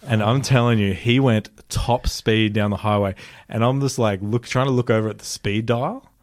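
A young Australian man telling a story in casual chat, animated, swearing often and laughing as he talks. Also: on the low side, normal speed, no room sound.

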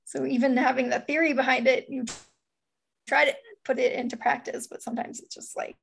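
A woman's voice: high voice, level tone, a little fast, creaky, slightly rough. A woman in her thirties talking candidly in a casual chat, rambling with lots of "like" as she shares stories as a parent.

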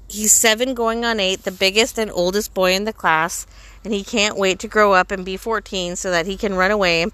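A woman reads a story aloud with steady, measured narration. Her voice is bright and crisply clear, at a middle pitch. The sound is close and dry, with no room around it. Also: dry recording. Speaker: reader. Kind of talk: storybook reading.

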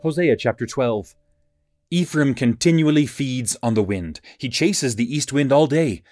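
A man giving a measured, scripted reading of Bible passages. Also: mid-range voice, soft background music. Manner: measured, even reading cadence. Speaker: scripture reader.

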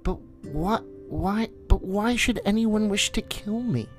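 A man voicing an earnest, quick-tempered boy raised by wolves in a storybook reading. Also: fairly high pitch, very animated, over music, pitched above the performer's own voice. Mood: eager. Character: young boy raised by wolves, eager and bold.

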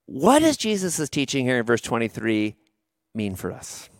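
A middle-aged man preaching a sermon, telling a story in a conversational, expressive way and slowing down for emphasis. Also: medium pitch, no room sound, studio quality. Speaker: pastor.

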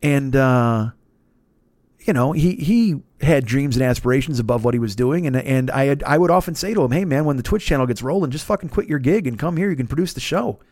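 A man's voice: mid-range voice, animated, fairly quick, darkish tone, dry recording, clean studio sound. A man in his fifties hosting a comedy podcast, telling a long story in a casual, profane way, full of restarts and self-interruptions. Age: 50s.

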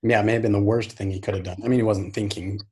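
A man's voice: lowish voice, fairly even intonation, rapid-fire, a loud crowd. A man hosting a podcast who jokes with his guest and laughs often. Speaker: podcast host. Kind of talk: casual podcast chat.

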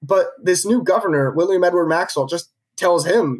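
A man's voice: sits high, moderate pace, husky. A man co-hosting a podcast, telling a history story in a casual, conversational way, with many fillers and restarts. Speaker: podcast co-host narrating history.

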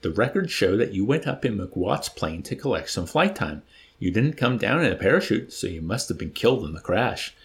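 A man voicing a young enlisted army orderly who speaks in a flat, matter-of-fact way. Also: lowish voice, moderate pace, vocal fry. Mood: deadpan.

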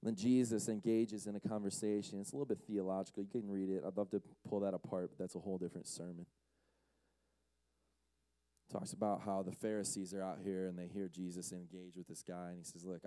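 A man giving a casual, storytelling sermon, animated and slangy, acting out the characters as he retells the story. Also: low voice, a little fast, clean tone, no room sound. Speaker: speaker at a Friday night session.

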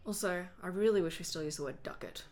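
A woman co-hosting a podcast, cracking quick playful jokes and laughing. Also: fairly low pitch, a little mellow. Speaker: podcast co-host. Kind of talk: casual chat.

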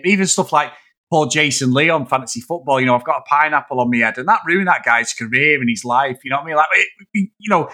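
Man, high voice, bright tone, animated, casual film chat. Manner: animated, swearing, acts out scenes. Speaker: podcast co-host.

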